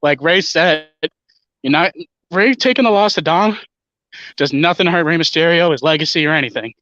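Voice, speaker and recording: A man's voice: a little high, moderate pace, bright, forceful tone, dry recording, lo-fi sound. A man joining a livestream as a guest, talking emphatically and confidently and swearing freely. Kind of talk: casual chat.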